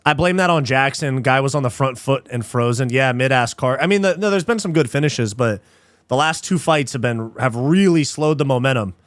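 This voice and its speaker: A young man commenting live on a fight as host, excitable and easily frustrated, swearing casually and calling people dude and bro. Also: mid-range voice, fairly quick, dry recording, studio quality.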